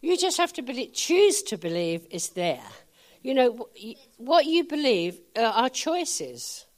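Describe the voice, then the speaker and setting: Older woman preacher, animated storyteller, bright high voice with wide swings. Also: unhurried. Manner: animated, laughing often, acting out dialogue. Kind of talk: sermon with humorous personal stories.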